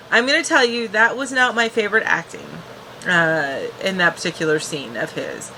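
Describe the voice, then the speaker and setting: A woman's voice: medium pitch, unhurried, pushed and bright, slight background noise, low-quality recording. A woman casually recapping a TV episode as a reviewer, chatty, with frequent restarts and fillers.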